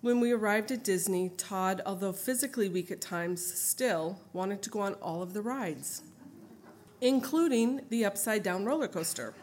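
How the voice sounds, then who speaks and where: A woman's voice: medium pitch, expressive, normal speed, a little mellow, a little hiss or hum. Woman, middle-aged, mother, testimony, earnest emotional storytelling, part read aloud, part told off the cuff. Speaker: mother sharing her testimony. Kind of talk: reading a memoir aloud, then telling a story off-script.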